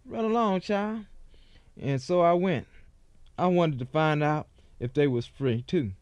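A man's voice: on the high side, measured pace, darkish tone, no room sound, dull audio. A man giving a dramatic first-person reading of a former slave's account, telling it in folksy rural dialect.

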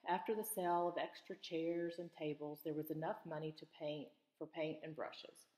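A woman's voice: sits low, steady tone, normal speed, darkish tone. A woman teacher reads a children's storybook aloud and stops to ask her students questions about the story. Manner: asks questions to check students' understanding. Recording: echoey room with long reverb.

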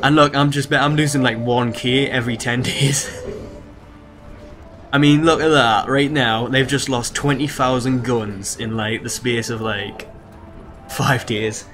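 A man's voice: medium pitch, steady tone, unhurried, music in the background. A man giving casual strategy gameplay commentary as a video host, swearing freely and talking to his viewers.

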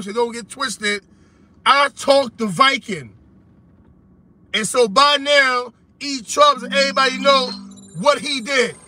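Man host, high bright voice, confrontational, talks over others, noisy car. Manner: confrontational, repeats himself to interrupt. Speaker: show host. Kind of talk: heated phone argument.

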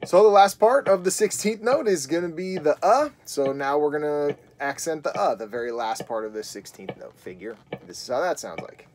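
A man teaching a guitar lesson on video, explaining in a relaxed way and often pausing with fillers. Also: fairly high pitch.

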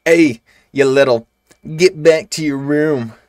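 A man voicing an angry, jealous middle-aged father who shouts accusations in a horror game he is playing. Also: a little high, takes it slowly, no room sound, clean studio sound, voice pushed up. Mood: angry, accusing. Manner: shouting accusations, loud and raised.

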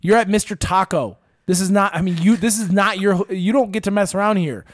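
A man's voice: high voice, fairly even intonation, fairly quick, dry recording, clean studio sound. A man hosting a casual podcast chat, ranting profanely with mock-angry outbursts. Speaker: podcast host.

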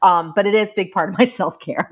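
Middle-aged woman therapist guest, low-ish voice, lively anecdotal delivery. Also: fast talker, slightly rough. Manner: animated storytelling, acts out quoted lines. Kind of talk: casual interview talk.

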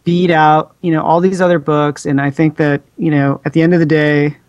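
A man with a fairly high voice calling in to a podcast over an internet line. He talks earnestly and sprinkles his speech with fillers, and the sound is dry and close. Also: level tone, moderate pace, darkish tone, no room sound, dull audio. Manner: earnest, with many "you know" fillers. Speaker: guest cartoonist. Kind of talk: casual chat.

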